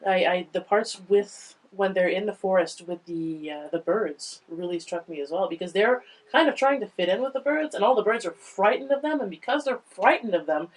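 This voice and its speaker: A woman panellist on a podcast, talking through a children's book in a thoughtful, halting way. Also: medium pitch, expressive, rough recording. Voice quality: halting, restarts often, thoughtful. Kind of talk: casual book discussion.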